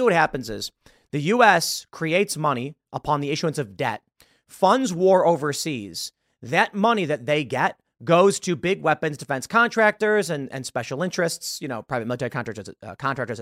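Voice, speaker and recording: A man hosting a political commentary show, talking in an animated, rambling monologue full of fillers. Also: a little high, no room sound, studio quality. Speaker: show host.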